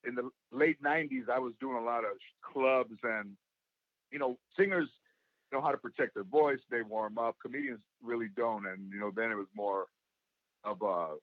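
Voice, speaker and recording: Gravelly guy chatting in an interview, dry close sound, kinda dull lo-fi audio. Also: medium pitch, normal speed, dry recording. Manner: storytelling, acts out quoted voices. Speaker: guest, comedian and actor. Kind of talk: casual interview talk.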